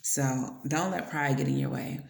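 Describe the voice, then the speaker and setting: A woman giving a casual tarot reading, blunt and playful, swearing now and then between soft fillers. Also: low-pitched, lively intonation, moderate pace, creaky, reverberant. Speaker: tarot reader.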